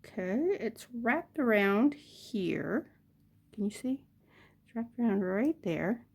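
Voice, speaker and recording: A woman's voice: medium pitch, sing-song, takes it slowly, vocal fry, a little mellow, slightly rough. An older woman chatting casually as she works on jewelry, muttering to herself between remarks. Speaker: jewelry crafter. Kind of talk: casual crafting chat.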